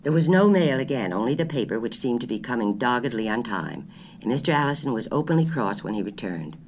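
Storybook narrator; measured, expressive reading with an animated, shifting pitch. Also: a little hiss or hum. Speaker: audiobook narrator.

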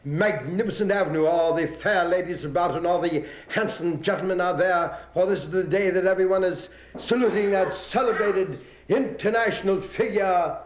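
A man doing breathless, excited mock radio commentary on a parade and rally. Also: sits high, normal speed, reverberant, a little hiss or hum. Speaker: comic radio announcer.

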